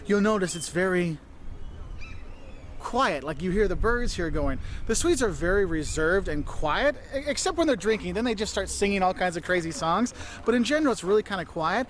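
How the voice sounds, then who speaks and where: A man with a notably high voice gives travel advice straight to the camera, chatty and direct, laughing through his asides. He is outdoors in a city, with faint traffic noise behind him. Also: lively intonation, moderate pace. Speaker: travel vlogger.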